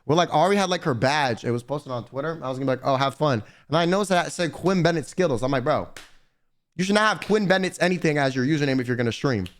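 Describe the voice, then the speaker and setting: Lively young man chatting to his stream. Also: on the high side, quick pace. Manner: slangy, swears often, animated rants. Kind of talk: casual chat to stream chat.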